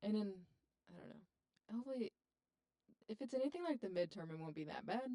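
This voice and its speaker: A woman's voice: mid-range voice, expressive, brisk, dark tone. A young woman co-hosting a student podcast in a casual, chatty way, laughing often. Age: young adult. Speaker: podcast co-host. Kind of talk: casual chat.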